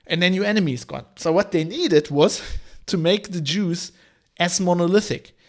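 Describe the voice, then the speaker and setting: A man's voice: high-pitched, moderate pace. A man in his thirties speaks in a slightly raised register. He hosts a live-streamed solo podcast and talks things through in long, discursive asides. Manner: discursive, explaining history in long winding asides. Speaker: podcast host.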